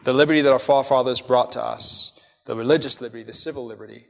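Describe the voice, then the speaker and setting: A man's voice: medium pitch, steady tone, fast talker, vocal fry, fairly bright tone, long reverb tail. A male pastor preaching a sermon to his congregation, emphatic, with rhetorical questions and repeated phrases. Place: church sanctuary.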